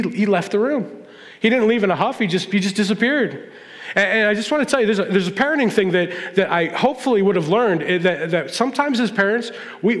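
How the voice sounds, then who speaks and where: A middle-aged man, a pastor, preaching a humorous storytelling sermon and acting out family dialogue. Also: high voice. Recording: long reverb of a large hall.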